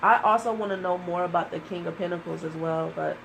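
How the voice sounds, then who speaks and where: A woman's voice: fairly low pitch, steady tone, fairly quick, vocal fry, noisy background. A woman giving a casual tarot reading, emotional and searching, close to tears and hesitating often. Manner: emotional, searching, with many fillers. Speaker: tarot reader.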